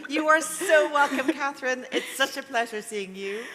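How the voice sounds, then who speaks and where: A woman's voice: high voice, moderate pace, a crowd in the background. An older woman hosting a festival cooking stage, welcoming the chef with a lot of laughter. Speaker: festival host and cookery school co-host. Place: festival stage in a large hall. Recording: echoey hall with audience.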